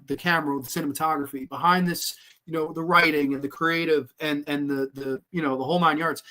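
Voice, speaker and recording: A man with a fairly high-pitched voice talks through a film review on his own podcast. He rambles casually, piles up "um" and "like," restarts his sentences and swears often. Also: bright, forceful tone. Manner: rambling, profane, lots of fillers and restarts. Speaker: podcast host reviewing films.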